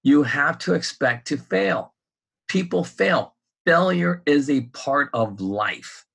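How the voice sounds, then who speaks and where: A man in casual conversation, talking in a rambling, animated way with lots of fillers, restarts and laughs. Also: a little high, slow pace, vocal fry, slightly rough. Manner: laughs often while talking. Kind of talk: casual chat.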